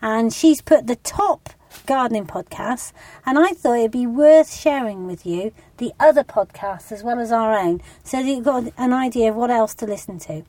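A British woman co-hosting a podcast, chatty and bubbly with quick asides. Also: fairly high pitch, dark tone, no room sound. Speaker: podcast co-host. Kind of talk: casual chat.

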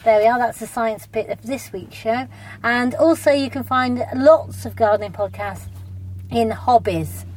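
A British woman co-hosting a podcast, chatty and bubbly with quick asides. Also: on the high side, darkish tone. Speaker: podcast co-host. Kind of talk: casual chat.

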